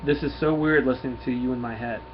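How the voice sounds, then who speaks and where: A man's voice: mid-range voice, fairly even intonation, quick pace, natural voice. A man voicing a jumpy, unsure teenage boy superhero from a comic, firing off startled questions. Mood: puzzled. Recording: dull lo-fi with faint hum.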